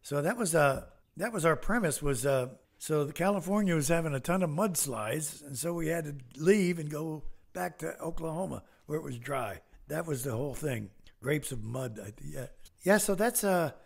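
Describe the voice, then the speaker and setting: A man's voice: fairly high pitch, animated, normal speed, vocal fry, husky. An older man, a comedian guest on a podcast, telling rambling anecdotes with many fillers and restarts. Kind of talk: casual anecdotes.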